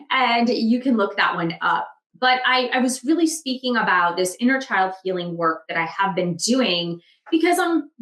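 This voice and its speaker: A woman's voice: on the high side, a bit bright. A woman author talking casually in a self-help vlog, earnest and reflective, often asking questions aloud. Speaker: author vlogger. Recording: roomy echo.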